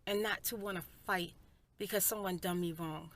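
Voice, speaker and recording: A middle-aged woman in a soft-spoken personal storytime, heartfelt and spiritual, talking to viewers as "you guys" and "y'all" on a close mic indoors. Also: lowish voice, fairly even intonation, normal speed. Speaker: ASMR storyteller. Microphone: close mic for eating sounds.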